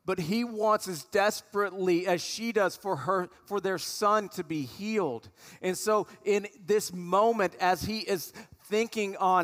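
A pastor preaches in a relaxed, conversational way, and his fairly high voice carries a long reverb through a large hall. He tells the story as if he were talking with the room. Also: unhurried. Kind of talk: sermon.

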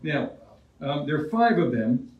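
A man's voice: a little high, very animated, measured pace, dull audio. A man preaching an expository sermon in a conversational way, often restarting phrases and asking his listeners questions. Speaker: pastor. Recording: roomy, heard from a distance.

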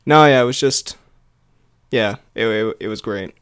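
A man's voice: fairly low pitch, measured pace, a bit bright, clear, resonant tone. A young man co-hosting a casual film review podcast, talking in a rambling way with lots of fillers and restarts. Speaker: podcast co-host.

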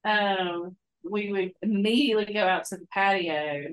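A woman's voice: medium pitch, a little slow, rough recording. Teasing woman co-host. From Mississippi. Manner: storytelling, teasing. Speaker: podcast co-host. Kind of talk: casual chat.

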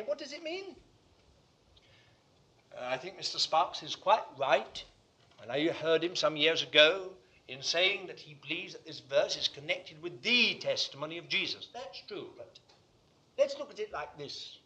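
A man preaching a sermon to a congregation in a room, fervent, swinging from hushed asides to loud declarations. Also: on the high side, expressive, normal speed.

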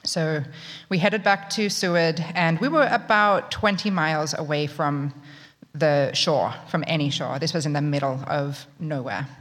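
A woman tells a story to a live audience in a wry, chatty manner. Her voice sits on the low side. The sound carries a long hall reverb. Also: a little slow, fairly bright tone. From Australia. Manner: wry, conversational, self-mocking.

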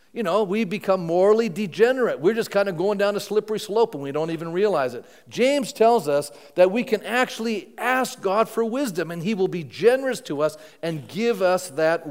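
A man with a high voice preaching from the pulpit, conversational and full of questions to the congregation. His words trail off into the long reverb of a big church hall. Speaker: pastor. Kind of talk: sermon. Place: church sanctuary before a congregation.

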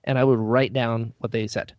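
Here the same kind of guest, an actor and writer on an interview show, speaks at a moderate pace in a mid-range voice with little pitch movement. His storytelling is relaxed and self-mocking, complete with impressions of the people he quotes, all captured in a dull, dry, lo-fi recording.

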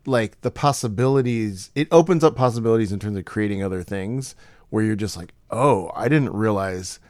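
A man co-hosting a podcast in casual chat, thinking aloud in halting phrases and laughing often. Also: fairly low pitch, a little mellow, no echo, clean studio sound. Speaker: podcast co-host.

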